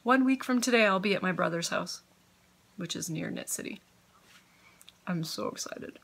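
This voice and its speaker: A woman's voice: mid-range voice, a little fast, creaky, a bit bright. A woman hosting a podcast from home, chatting casually and giggling as she gets sidetracked. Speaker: podcast host. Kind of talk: casual chat.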